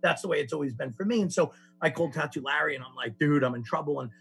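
A man sharing his recovery story with a group, telling it in an animated way with many restarts. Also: a little high, fast talker, gravelly, husky, faint music behind. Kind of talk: personal testimony to a group.

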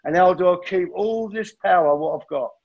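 Gravelly man sharing his recovery. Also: high-pitched, moderate pace, dull audio. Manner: earnest, heartfelt, peppers speech with "mate". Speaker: recovering addict sharing at a meeting. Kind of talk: personal testimony at a recovery meeting.

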